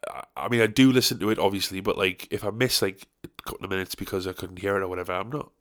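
A man's voice: low-pitched, fast talker, a bit bright. Rambling, crude young man. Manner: rambling, crude and jokey, self-mocking. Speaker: podcast host. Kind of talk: casual solo podcast chat.

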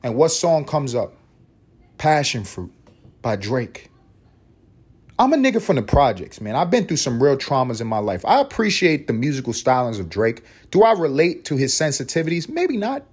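A young man from the United States who hosts a podcast, telling a story in casual solo chat, animated, with big swings in pitch and loudness. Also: moderate pace, slightly rough. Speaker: podcast host.

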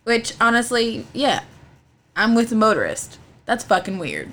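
A woman's voice: a little high, huge pitch swings, unhurried, a bit bright, a little hiss or hum. A woman co-hosting a podcast, retelling a legend in a jokey, casual way and swearing freely. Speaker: podcast co-host.

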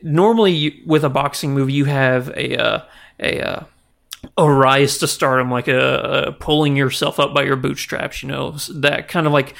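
A young man co-hosting a movie podcast, rambling with many restarts and quick laughs, easily moved. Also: mid-range voice, fairly even intonation, vocal fry, fairly bright tone. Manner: rambling, restarts, laughs often, gets emotional. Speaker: podcast co-host. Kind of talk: casual movie chat.

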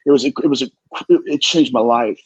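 A man, a demonologist guest, tells an earnest, emphatic story in a husky voice and often repeats himself. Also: medium pitch, a little fast, dry recording, dull audio. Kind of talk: animated storytelling.

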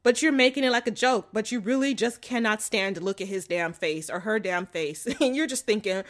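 A vlogger with a mid-range voice talks briskly with hardly any pauses, chatting to camera about relationships. She's frank and slangy, laughs often, and sprinkles in plenty of "like" and "you know."

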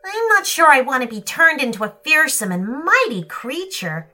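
A woman voicing an excitable young girl who squeals and giggles. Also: sits high, moderate pace, faint music behind, voice pushed up, full character voice. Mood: worried.

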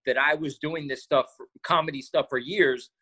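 A man with a bright, forceful voice that sits a little above the usual male pitch. He is a guest in a casual interview and tells his stories with energy, slipping into the voices of the people he quotes. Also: normal speed, husky. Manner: animated storyteller, acts out quotes. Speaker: podcast guest.

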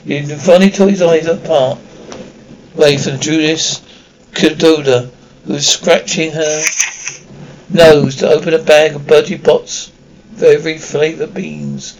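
Male audiobook reader, gravelly, slightly high, reads with frequent slips and restarts. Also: steady tone, a little slow, poor audio. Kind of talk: amateur audiobook narration.

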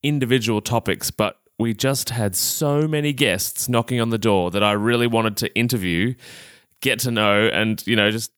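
A man's voice: fairly low pitch, normal speed, a bit bright, clear, resonant tone, no echo, studio quality. A young Australian man hosting a solo health podcast, talking in a chatty, upbeat and self-amused way with plenty of fillers. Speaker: podcast host.

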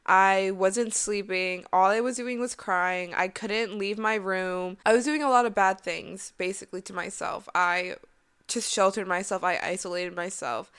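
A woman's voice: medium pitch, fairly bright tone, clean tone. A young woman vlogger giving earnest, chatty life advice, with lots of fillers. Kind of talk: casual heartfelt advice vlog.

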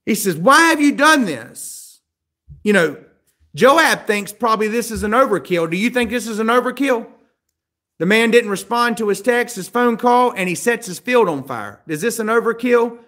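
A man's voice: sits high, moderate pace, a bit bright. A man preaching a sermon, asking the listeners questions and acting out the voices of the people in the story. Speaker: pastor.

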